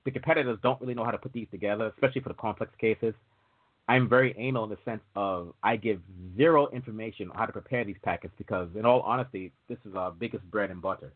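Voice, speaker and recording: This man, a waiver consultant, hosts a casual talk show about entry waivers, speaking quickly in a lowish voice. He's chatty and digressive, acting out quoted exchanges while he explains. The audio sounds tinny, like a phone.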